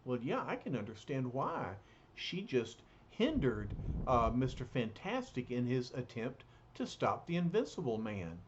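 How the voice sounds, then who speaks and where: A man reading a comic book aloud, unhurried and with frequent fillers. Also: mid-range voice, wildly swooping pitch, dull audio, noisy background. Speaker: reader.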